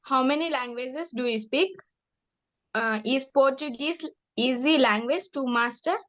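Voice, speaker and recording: A young student asking a guest questions formally and politely, calling him sir. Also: female voice, high voice, measured pace, fairly bright tone.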